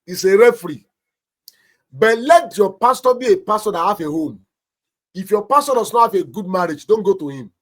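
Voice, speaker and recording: A man's voice: high-pitched, expressive, normal speed. A man with a Nigerian accent, a pastor and marriage counselor giving emphatic marriage advice on a talk show. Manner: emphatic, preacherly, acts out little anecdotes.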